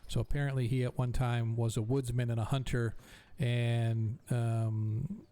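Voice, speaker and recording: A man's voice: mid-range voice, little pitch movement, unhurried, dark tone. A man narrating a tabletop game as game master, rambling with many fillers.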